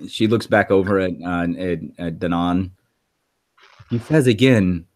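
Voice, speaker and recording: A man narrating a tabletop game as game master, halting and filled with ums and likes. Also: low voice, darkish tone, dry recording.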